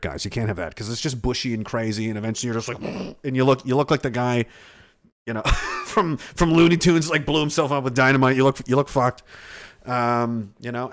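Male streamer, casual, profane, rambling, animated voice. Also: medium pitch. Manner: profane, rambling, laughs often. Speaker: streamer reading chat. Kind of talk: casual chat.

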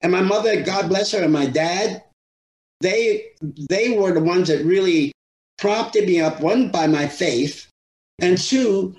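A man's voice: high voice, slow pace, a little mellow. Older man telling stories in an echoey room. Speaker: interview guest. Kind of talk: casual storytelling.

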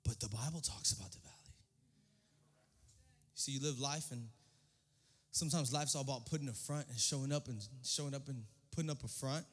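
A young man preaching a sermon as pastor, speaking in casual slang and repeating phrases, swinging between hushed and shouted delivery. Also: medium pitch, fairly quick, pauses often, breathy edge. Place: church hall. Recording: long hall reverb.

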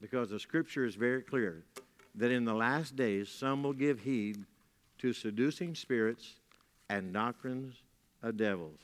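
A man in the pulpit delivering a sermon in a folksy, plain-spoken way, hammering key lines by saying them twice. His voice sits in an ordinary middle pitch and rings out with the long reverb of a church hall. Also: unhurried. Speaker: pastor.

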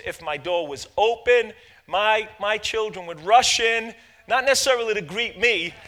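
A middle-aged man preaches a sermon in a high, bright voice. He talks in halting stretches full of fillers and repeated words, then builds to loud, fervent declaration. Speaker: pastor.

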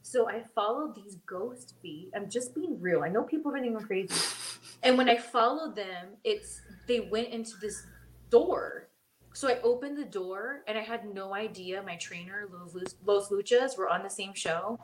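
A woman talking in a relaxed podcast chat, telling stories from her wrestling days. She is animated, with sudden jumps up in pitch whenever she acts out what someone said. Her speech is casual and full of fillers. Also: normal speed, a little hiss or hum. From Mexican heritage. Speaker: podcast co-host; former wrestler.

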